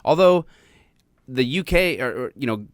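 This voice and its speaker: A man's voice: medium pitch, expressive, normal speed, no echo, studio quality. An American man hosting a live-streamed talk show, chatting casually and jokingly with plenty of fillers. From United States. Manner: rambling, jokey, lots of fillers.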